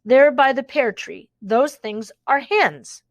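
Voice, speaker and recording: A woman's voice: high voice, animated, takes it slowly, no echo, dull audio, heavily acted. A woman voicing an impatient, bossy young girl in a storybook reading.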